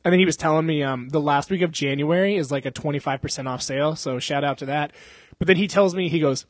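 Here a young male podcast host talks casually, wandering off topic, swearing and laughing frequently. His voice is on the high side with fairly even intonation, brisk delivery and no echo.

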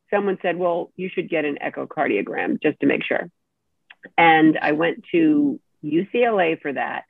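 Gravelly woman on a tinny phone line. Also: deep voice, dry recording. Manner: animated, acts out quoted speech. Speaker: guest. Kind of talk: personal storytelling in an interview.

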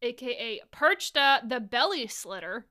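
A woman's voice: a little high, very animated, measured pace, bright, forceful tone. A woman co-hosting a casual podcast, reading out facts and laughing and swearing freely. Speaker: podcast co-host. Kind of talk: casual chat.

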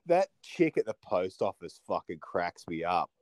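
A man's voice: deep voice, measured pace, dry recording. A man co-hosting a podcast, animatedly retelling film scenes in casual chat. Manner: animated retelling, laughs between lines. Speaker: podcast co-host.

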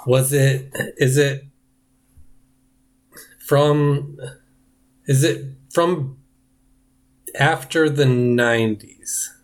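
A man's voice: mid-range voice, fairly even intonation, extremely slow, long pauses. A man co-hosting a comedy podcast in casual chat, leading the bits and quizzing his co-host.

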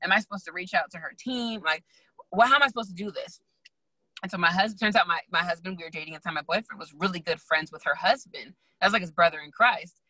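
A young adult woman, a guest and magazine founder, telling her story in a lively way, acting out quoted voices and laughing often. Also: on the low side, fast talker, few pauses, no echo, low-quality recording. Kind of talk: animated storytelling in casual chat.

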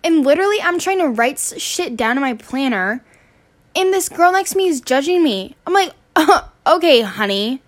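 A woman's voice: sits high, animated, moderate pace. A teenage girl ranting casually on her podcast, exasperated and swearing, rambling with restarts. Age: teens. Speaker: student podcaster.

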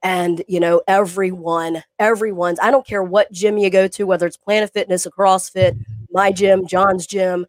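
A woman's voice: medium pitch, steady tone, normal speed, dry recording. A middle-aged woman co-hosting a fitness podcast over a video call, talking casually and earnestly with lots of fillers and restarts.

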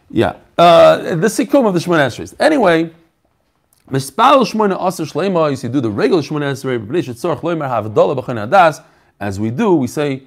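A man teaching a Talmud lesson, asking questions and answering them, repeating his phrases as he explains. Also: fairly high pitch. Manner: mixes Yiddish-flavored terms into English. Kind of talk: daf shiur, teaching aloud.

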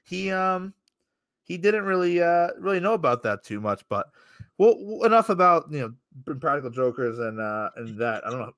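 A male podcast host with a bright, forceful, slightly high voice, riffing and ribbing his guest. It is recorded close and dry. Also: very animated, moderate pace, no echo. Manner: rambling, jokey, profane. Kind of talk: casual podcast interview.

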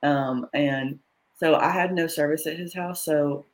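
A woman sharing her own story in an interview, candid and halting, with many fillers and quoted dialogue. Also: deep voice, steady tone, rough recording. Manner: often quotes others in dialogue. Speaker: interview guest. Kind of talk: personal story in conversation.

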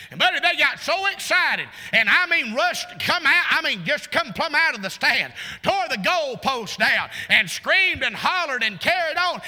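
A man preaching a sermon in a fervent, folksy way, climbing to shouts and breaking into laughing asides. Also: extremely high pitch. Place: church sanctuary. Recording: long church reverb.

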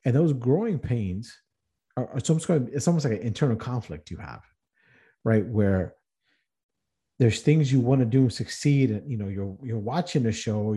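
A podcast host with a medium-pitched, warm voice delivers an earnest motivational monologue, asking rhetorical questions and often restarting his sentences.

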